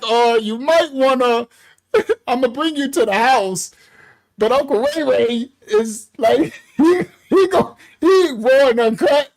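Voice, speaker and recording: A man's voice: very high voice, darkish tone. A man who leads a ministry, telling a story casually on a livestream, laughing often, using heavy slang and acting out other people's voices. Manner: acts out voices in stories. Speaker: ministry leader.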